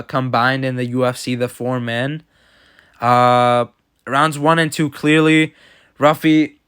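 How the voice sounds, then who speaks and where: A man's voice: mid-range voice, a bit bright, clear, resonant tone. A man giving casual, blunt and opinionated reactions to fight results as commentator. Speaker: MMA commentator.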